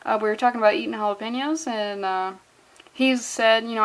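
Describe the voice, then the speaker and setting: Higher-voiced woman doing a sarcastic, incredulous comic-reading commentary, often laughing through her words. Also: brisk, poor audio. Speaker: comic reviewer. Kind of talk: comedic comic-book reading.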